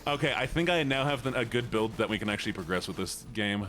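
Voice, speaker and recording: A man's voice: on the low side, animated, quick pace, a bit bright. A man streaming live, chatting casually and rambling to his viewers, often breaking into laughter. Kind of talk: casual livestream chat.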